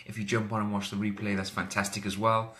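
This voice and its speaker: Upbeat man with a low voice. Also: fast. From Wales. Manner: upbeat, energetic, greets viewers by name. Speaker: motivational coach. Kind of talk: live social media video.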